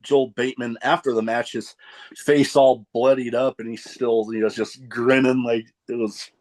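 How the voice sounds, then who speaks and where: A man's voice: mid-range voice, flat delivery, moderate pace. Easygoing man hosting a podcast. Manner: easygoing, chatty, casual swearing. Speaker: podcast host. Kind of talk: casual podcast interview.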